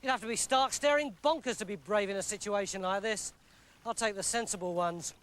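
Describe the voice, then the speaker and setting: A man's voice: high voice, a little fast, fairly bright tone, a little hiss or hum. Man playing a jaunty general, offhand and unbothered, storybook tale. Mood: amused. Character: breezy carefree male army general.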